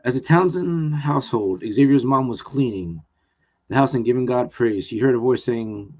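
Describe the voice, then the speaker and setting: A man's voice: medium pitch, lively intonation, normal speed, warm tone, slightly rough, dull audio. Earnest man reading his own novel. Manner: plain, earnest reading with small restarts. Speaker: author.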